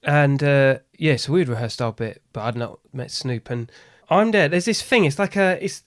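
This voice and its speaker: A man telling casual anecdotes as a podcast guest, lively and swearing freely with frequent laughs. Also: medium pitch, normal speed. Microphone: podcast studio mic.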